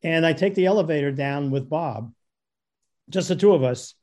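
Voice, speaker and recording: Man, storyteller, stammering, repeats himself, mellow tone, slightly high voice. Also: normal speed. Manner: stammering, repeats words, acts out quoted voices. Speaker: guest storyteller. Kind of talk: casual anecdote telling.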